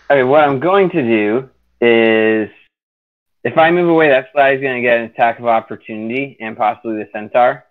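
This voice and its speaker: A man's voice: medium pitch, moderate pace. A man playing a tabletop game online, hesitant and self-mocking, swearing casually at his bad luck. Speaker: player. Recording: tinny phone-like voice chat line.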